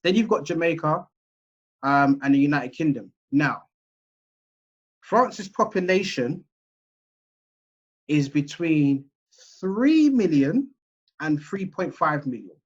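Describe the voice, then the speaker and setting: A man's voice: fairly high pitch, big pitch swings, slow pace, long pauses, husky. English man lecturing over a muffled call. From England. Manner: conversational, chatty, checks in with listeners. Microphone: video call. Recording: muffled video call audio.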